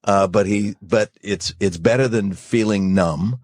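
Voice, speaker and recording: A man's voice: lowish voice, unhurried, darkish tone, dry recording. A middle-aged man, a guest actor, chatting casually and playfully in a radio interview. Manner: laughing, playful, puts on voices in anecdotes.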